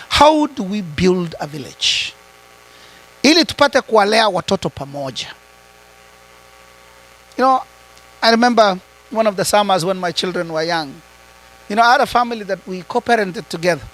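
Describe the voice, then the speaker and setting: A man giving a high-voiced motivational talk. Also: fairly bright tone, low-quality recording. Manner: switches between English and Swahili, asks the audience rhetorical questions. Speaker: retreat speaker.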